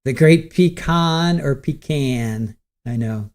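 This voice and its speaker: A man's voice: medium pitch, normal speed, darkish tone. Chatty man hosting a livestream. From Ohio, US. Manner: chatty, reads out viewer comments. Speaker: livestream host. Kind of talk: casual live-stream chat.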